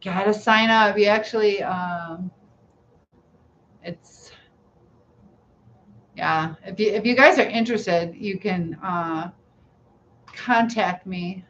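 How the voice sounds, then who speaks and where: A woman's voice: mid-range voice, takes it slowly, pauses often, fairly bright tone, muffled recording, a little hiss or hum. A woman hosting a casual live-stream chat, answering viewers as she braids her hair.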